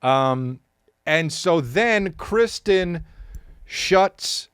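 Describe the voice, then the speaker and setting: A man in his thirties, a podcast host, telling a comedic story in a profane, animated rant full of repeated words and sound effects. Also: fairly high pitch, normal speed, dry recording, clean studio sound. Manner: acts out sounds and quotes.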